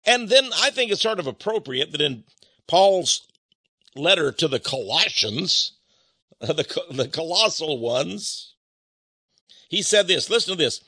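A man with a Texan accent preaching a sermon in a folksy way, slowing down to stress key phrases. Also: fairly high pitch, sing-song, sharp tone, husky, no echo. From Texas. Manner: folksy, varies pace, slows for emphasis.

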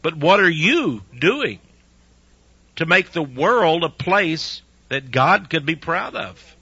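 Male radio preacher, earnest, bright voice with a breathy edge, dull lo-fi sound. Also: a little high, very animated, takes it slowly, no echo. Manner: earnest, preachy, uses rhetorical questions. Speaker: radio preacher and show host. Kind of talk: conversational radio sermon.

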